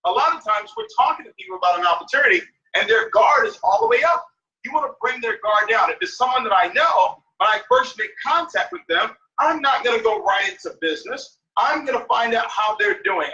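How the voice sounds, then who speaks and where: Emphatic high-voiced male sales coach. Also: bright, forceful tone. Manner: emphatic, repetitive, asks listeners "right?". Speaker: network marketing mentor. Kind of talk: coaching call. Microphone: phone or conference call. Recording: dull, echoey, far from mic.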